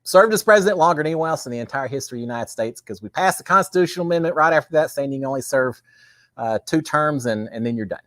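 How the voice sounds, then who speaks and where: A man's voice: fairly high pitch, lively intonation, racing, a bit bright, dry recording, clean studio sound. A man hosts a casual, chatty livestream. He talks with enthusiasm and plenty of fillers. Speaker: host.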